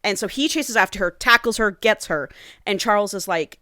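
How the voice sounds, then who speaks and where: A woman's voice: medium pitch, expressive, normal speed, sharp tone, no room sound, studio quality. A woman hosting a podcast, casually and animatedly retelling a book's plot and swearing freely. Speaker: podcast host. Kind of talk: casual book recap.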